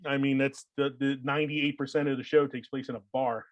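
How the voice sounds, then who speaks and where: A man hosting a podcast in a loose, chatty way, trailing off into "uh" and "like" and laughing as he goes. His voice sits at an ordinary pitch. It is recorded close and dry, with no room sound. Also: little pitch movement, a little fast, no room sound, dull audio. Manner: rambling, laughs often, filler-heavy. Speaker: podcast host. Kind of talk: casual chat.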